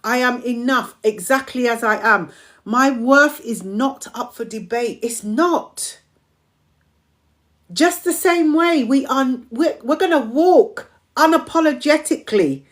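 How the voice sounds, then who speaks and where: Woman host, slightly higher voice, emphatic repeated affirmations, strained voice. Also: slow. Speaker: community host of a live stream. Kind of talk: motivational live-stream talk.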